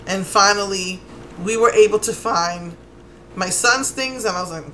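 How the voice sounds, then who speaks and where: A middle-aged woman with a New York Puerto Rican accent, telling a story in a casual, animated way and acting out what people said. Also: medium pitch, normal speed, background noise. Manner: animated, exasperated, acts out quotes. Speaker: vlogger.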